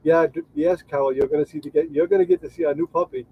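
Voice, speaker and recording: A man's voice: fairly high pitch, very animated, fast talker, gravelly, slight background noise. A man co-hosting a casual livestream chat. He rambles and restarts his sentences while thanking viewers. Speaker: co-host of a travel livestream. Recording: tinny phone-like sound.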